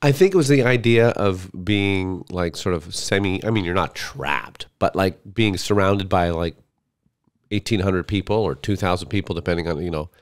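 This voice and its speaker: A man with a somewhat low voice chats casually as a podcast guest. He tells his stories in a loose, rambling way, full of fillers and restarts. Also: normal speed. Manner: rambling storyteller, many fillers. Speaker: guest comedian.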